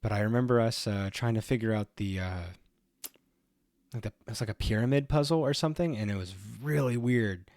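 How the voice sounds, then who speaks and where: A man's voice: medium pitch, a little fast, darkish tone, no room sound, studio quality. Chatty man streaming a video game. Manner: chatty, rambling, easygoing. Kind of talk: casual let's play commentary.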